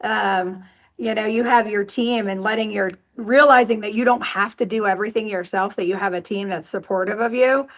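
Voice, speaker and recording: A woman's voice: mid-range voice, steady tone, moderate pace, muffled recording. A woman being interviewed on a podcast as a company executive, chatty and upbeat in her talk. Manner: upbeat, chatty, laughs easily.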